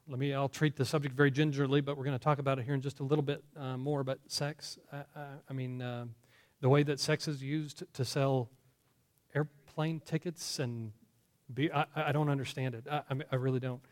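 A man's voice: mid-range voice, flat delivery, normal speed, pauses often. A man preaching a conversational sermon, often correcting himself and putting questions to the congregation. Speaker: pastor.

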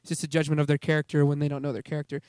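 A man's voice: a little high, monotone, rapid-fire, a little mellow, smooth, dry recording, clean studio sound. A young man giving an earnest, rambling testimony sermon, often restarting his sentences. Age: young adult. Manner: earnest, rambling, self-interrupting. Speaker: speaker at a youth ministry gathering.

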